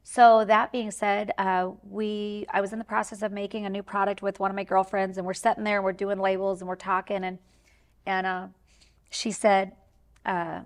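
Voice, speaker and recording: A woman's voice: mid-range voice, level tone, normal speed. A woman speaking as a talk show guest, telling a family story in a rambling, heartfelt way with many fillers. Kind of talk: candid interview talk.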